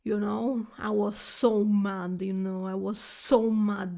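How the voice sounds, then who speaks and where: A woman streamer telling a chatty, exaggerated story to her viewers, with halting phrasing full of fillers and restarts. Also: medium pitch, little pitch movement, creaky, warm tone. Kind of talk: casual storytelling chat.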